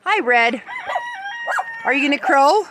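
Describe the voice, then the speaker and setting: A backyard poultry keeper films her flock in an outdoor farmyard with pens in the rain, chatting in a sing-song way and cooing at her birds in a casual vlog. Her voice is high, expressive and unhurried, and the recording is very noisy.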